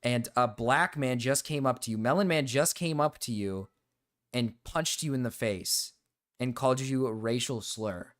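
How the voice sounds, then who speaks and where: A man streaming live, joking loudly and swearing in casual banter. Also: mid-range voice, normal speed. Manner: loud, joking, swears a lot.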